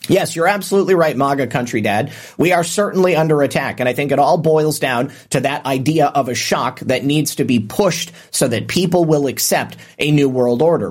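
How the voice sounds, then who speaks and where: A man's voice: fairly high pitch, a little mellow, slightly rough. A man hosting a livestream, reading viewer comments and commenting casually, often restarting with fillers. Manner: hesitant, many filler restarts. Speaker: livestream host.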